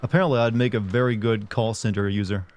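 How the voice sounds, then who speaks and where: Streaming gameplay live, a young man talks to chat in a loose, rambling way packed with fillers. He speaks quickly in a lowish, darkish voice with a steady tone, and faint music plays in the background.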